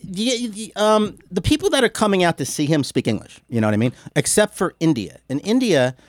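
A male comedian guest telling stories in casual chat, animated and swearing freely, acting out the quotes. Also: sits high, a little fast, dry recording. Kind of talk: casual storytelling.

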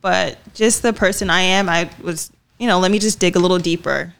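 A woman's voice: on the low side, fairly even intonation, a little fast, vocal fry, fairly bright tone, a little hiss or hum. A woman co-hosting a casual chat, speaking earnestly and addressing the listeners directly.

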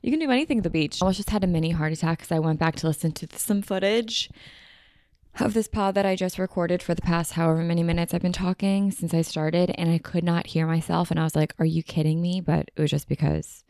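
A woman's voice: on the low side, fast, a little mellow, dry recording, clean studio sound. A young woman hosting her own podcast, chatting casually in a bubbly, rambling way from a beach house. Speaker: podcast host. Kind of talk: casual chat.

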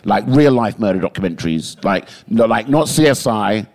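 Swearing, animated male comic storyteller. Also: fairly low pitch, moderate pace. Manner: animated, swears freely, punchy asides; keeps checking in with "right?". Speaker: guest comedian. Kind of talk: comic storytelling on a live podcast.

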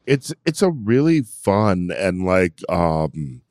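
A man interviewing a guest in a casual way, halting and searching for words as he asks. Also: deep voice, big pitch swings, darkish tone, no echo, studio quality.

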